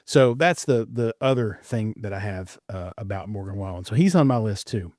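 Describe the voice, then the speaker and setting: A man's voice: on the low side, lively intonation, moderate pace, a little mellow, no room sound, clean studio sound. A man co-hosting a podcast in casual chat, laying out his opinions with frequent restarts.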